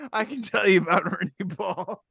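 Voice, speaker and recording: A young man hosting a casual podcast, loud and swearing, quick to shout over his friends. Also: high-pitched, expressive, vocal fry, husky, dry recording, clean studio sound. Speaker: podcast host.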